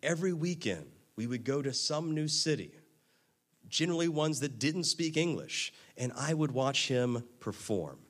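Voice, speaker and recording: A man, a magician, telling a comedic personal story in an animated, self-mocking way. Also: a little high, moderate pace.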